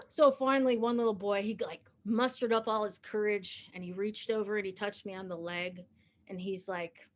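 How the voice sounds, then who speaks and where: A woman's voice: mid-range voice, fairly even intonation, moderate pace. A woman in her fifties doing stand-up comedy, telling a long story in a conversational, self-deprecating way and chuckling as she goes.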